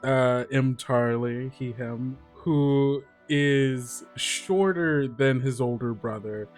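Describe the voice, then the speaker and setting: A man's voice: medium pitch, slow, darkish tone, faint music behind. A man playing in a tabletop game, describing his character in a hesitant way. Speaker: player. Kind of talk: casual chat.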